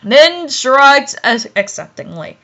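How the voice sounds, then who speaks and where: A woman's voice: high-pitched, big pitch swings, slow pace, fairly bright tone, lo-fi sound. A woman reading fan fiction aloud with running commentary, giggling often and stumbling over words.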